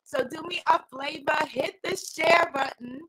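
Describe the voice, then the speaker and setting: A woman with a New York accent hosts an upbeat livestream in a high, bright voice. She sounds energetic and lilting, with a faint hiss behind her. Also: unhurried, rough recording. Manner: energetic, sing-song greetings, laughs often. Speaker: host of a weekly inspirational livestream.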